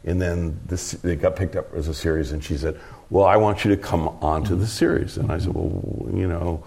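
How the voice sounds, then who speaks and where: A man with a very deep, low-pitched voice tells an anecdote in an interview. He is a middle-aged producer and director who rambles through his story, restarting sentences and leaning on fillers. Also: steady tone, a little fast, creaky, mellow.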